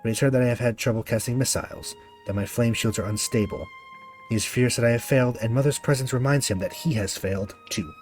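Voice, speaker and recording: A man voicing a troubled young man who quietly and solemnly recalls his painful childhood. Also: mid-range voice, faint music behind, close to an everyday voice. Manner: quiet, halting, solemn recollection.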